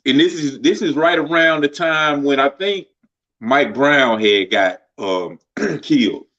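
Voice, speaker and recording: A man telling stories in a laid-back, colloquial way, often pausing with fillers. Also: on the high side, lively intonation, fairly bright tone. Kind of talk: casual conversation. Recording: slightly dull lo-fi sound.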